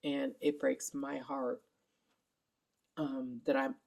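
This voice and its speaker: A woman's voice: extremely low pitch, little pitch movement, slow pace, gravelly, darkish tone. A middle-aged woman caring for her father, giving a candid, rambling vlog update while exhausted. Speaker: family caregiver.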